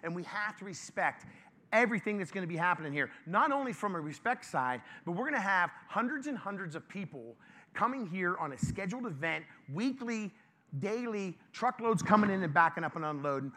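Male pastor, high bright voice, chatty sermon, playful with the room. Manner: lively, conversational, joking with the congregation. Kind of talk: informal sermon to a congregation.

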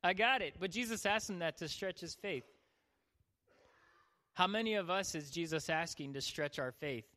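A man's voice: fairly high pitch, normal speed, pauses often, sharp tone. A young man preaching a sermon as a youth pastor, joking and acting out the people in his stories. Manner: joking, acts out voices. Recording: long hall reverb.

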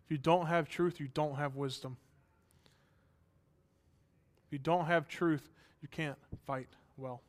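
A man's voice: on the high side, fairly even intonation, moderate pace. A man preaching a sermon as pastor, earnest and building to emphatic passages, with dry asides.

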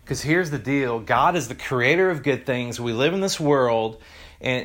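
A middle-aged man preaching from the pulpit, earnest and personal. He drops into a hushed, tender voice while telling his story, then lifts in pitch and force as he drives his point home. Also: animated, a little slow. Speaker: pastor. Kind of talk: sermon.

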